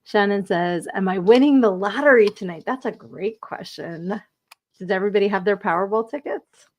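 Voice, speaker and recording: A woman's voice: medium pitch, moderate pace, darkish tone. A woman hosting a live podcast stream, chatting casually, reading viewer comments aloud and laughing often. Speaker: podcast host.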